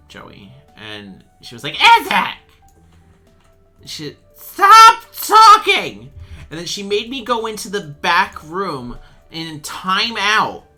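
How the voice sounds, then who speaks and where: A young man chatting while he plays a game, telling a rambling, animated story and swearing freely. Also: on the high side. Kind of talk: casual storytelling chat.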